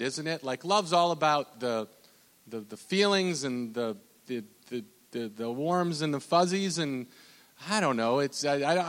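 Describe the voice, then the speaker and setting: A man talks in a loose, rambling way, circling back with restarts and fillers. His voice sits a little high for a man, and a long reverb trails behind his words. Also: a bit bright. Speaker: bank loan officer. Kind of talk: casual talk.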